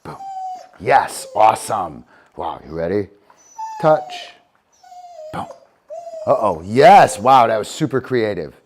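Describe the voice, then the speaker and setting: Unhurried man training dogs on camera. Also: fairly low pitch, a little hiss or hum. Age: middle-aged. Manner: coaxes dogs with soft praise, then explains in a steady, unhurried way. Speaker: dog trainer. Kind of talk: live training demonstration.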